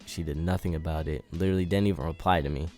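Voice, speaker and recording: A man's voice: sits low, steady tone, rapid-fire, a little mellow, faint music behind. A young man vlogging casually, telling a personal story in a laid-back way full of "like" and "man". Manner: laid-back, filler-heavy, repeats "like" and "man".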